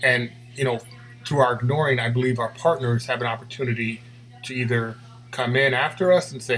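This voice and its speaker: A man, a basketball official, giving a comment in a meeting on a video call, speaking haltingly with restarts. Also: mid-range voice, fairly even intonation, a bit bright, low-quality recording.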